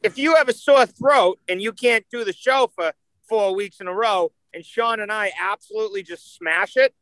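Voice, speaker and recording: A man's voice: high-pitched, normal speed, a bit bright, no echo, rough recording. A man, co-hosting a casual sports talk show in a joking, teasing way. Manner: joking, teasing, mock call-in. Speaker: podcast co-host.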